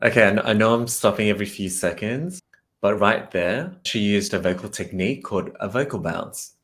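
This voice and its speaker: A man's voice: on the low side, fairly quick, a bit bright, faint music behind. A man working as a vocal coach, giving commentary on a song he is reacting to and explaining the singer's vocal technique. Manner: explains vocal technique, breaks into sung snippets.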